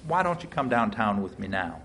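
A man voicing a polite small-town sheriff's deputy who speaks in a calm, matter-of-fact way. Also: fairly low pitch, fairly quick, a little hiss or hum.

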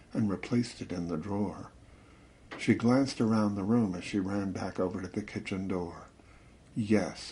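A man narrating a suspense story in a measured, dramatic reading that slows and drops to a hush at tense moments. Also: on the low side. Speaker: audiobook narrator.

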